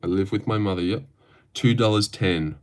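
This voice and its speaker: A man's voice: on the low side, normal speed. A young Australian man casually chatting on a livestream, answering chat questions with a laid-back, jokey manner. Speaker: streamer reading chat.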